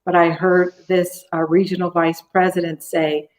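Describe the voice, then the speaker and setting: A woman's voice: fairly low pitch, flat delivery, normal speed, low-quality recording. A woman speaking as an interview guest over a video call, hesitant and full of fillers as she recalls an event. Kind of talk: interview recollection.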